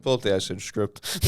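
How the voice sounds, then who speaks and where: A man co-hosting a comedy podcast, trading crude banter in a rambling, halting way with repeated words. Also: mid-range voice. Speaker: podcast co-host.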